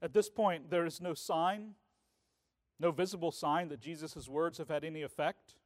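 A man's voice: on the high side, fairly even intonation, moderate pace. A man preaching a sermon as pastor, in a conversational way that keeps checking in with the congregation. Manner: conversational preaching, often asking "right?".

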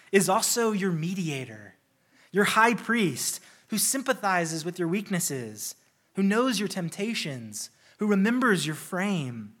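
A man preaching a sermon in an earnest way, slowing down and building intensity through lists. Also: high-pitched, a bit bright. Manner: earnest, slows and stresses key phrases. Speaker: pastor.

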